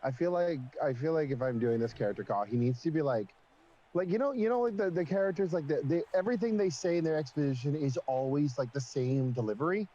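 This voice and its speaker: A man's voice: on the high side, quick pace, warm tone, dull audio. A man chatting casually on a stream, rambling with many restarts and fillers. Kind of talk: casual chat.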